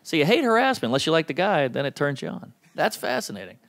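A man doing a stand-up comedy set on a club stage, with a wry, incredulous delivery that jumps into high voices for bits. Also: big pitch swings, fast talker, fairly bright tone.

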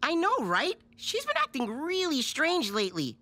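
A woman's voice: sits high, wildly swooping pitch, normal speed, pushed and bright, dry recording, heavily acted. A woman voicing a cheerful, chatty cartoon crew member who talks in a bubbly, gushing way.

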